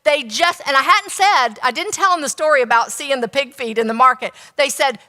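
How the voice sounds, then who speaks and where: A woman's voice: high-pitched, a little fast, few pauses, bright, forceful tone, big-room sound. A woman nutritionist giving a teaching talk, telling stories and asking the audience rhetorical questions.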